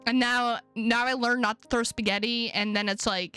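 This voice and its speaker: A woman's voice: a little high, moderate pace, sharp tone, clean tone, soft background music. A woman streamer chatting playfully and swearing freely while reading a visual novel's text aloud. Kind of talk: casual live-stream chat, reading game text aloud.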